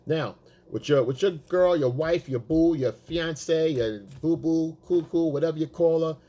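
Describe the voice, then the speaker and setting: A man's voice: on the high side, unhurried, dark tone. A man talking as a dating coach, casual and profane, repeating himself for emphasis. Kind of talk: casual coaching talk to the camera.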